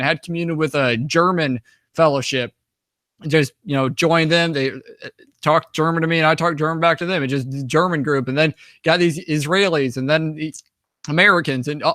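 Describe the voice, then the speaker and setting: A young man recounts his travels in a loose, rambling way, full of restarts and "you know"s. His voice is bright and fairly high for a man. The recording is close and dry. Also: a little fast, dry recording. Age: young adult. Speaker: guest, author and traveler. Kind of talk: casual storytelling over slides.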